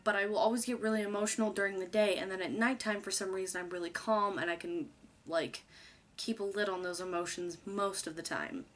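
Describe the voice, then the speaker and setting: A woman's voice: mid-range voice, fairly even intonation, a little fast, a bit bright. A young woman YouTuber talking casually to camera, chatty and rambling, candid and loose, swearing now and then.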